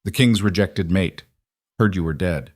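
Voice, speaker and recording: A man's voice: low voice, a little slow, a little mellow, no echo, clean studio sound. A man voicing a blunt, terse middle-aged male wolf-shifter alpha in an audiobook. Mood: gruff. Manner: blunt, terse, rough-edged.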